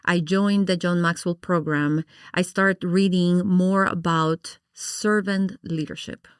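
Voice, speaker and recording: A middle-aged woman from Guatemala, a podcast guest, telling her story in an animated, expressive way and acting out her past reactions. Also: lowish voice, takes it slowly, smooth, no echo, studio quality. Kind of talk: personal storytelling in an interview.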